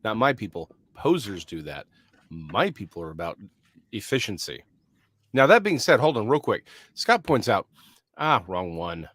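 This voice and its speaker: A man's voice: on the low side, big pitch swings, normal speed, fairly bright tone, breathy edge, no echo, clean studio sound. A man from Texas in casual banter with a friend, laid-back and joking. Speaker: podcast co-host. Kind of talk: casual chat.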